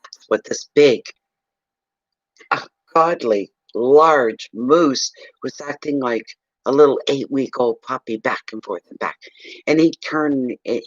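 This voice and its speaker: A man from eastern Canada who reads for clients, telling a rambling, animated story in a casual livestream chat. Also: medium pitch, no echo, muffled recording. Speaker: psychic reader telling a story.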